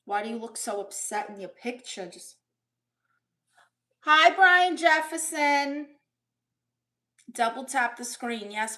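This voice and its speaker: A woman's voice: a little high, sharp tone. A woman playing a sassy, doting middle-aged aunt on a comedy livestream, greeting viewers and reading chat aloud with big swoops in her voice. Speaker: livestream host in character. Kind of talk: live-chat comedy stream. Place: bedroom.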